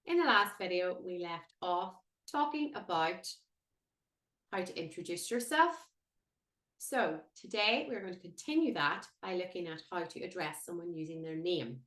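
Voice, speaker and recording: A woman teaching a language lesson, modelling each word slowly and carefully. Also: on the low side, animated, fairly bright tone. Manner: careful, lilting, drawn-out modelling of words. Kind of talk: slow instructional lesson with repetition. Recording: echoey room.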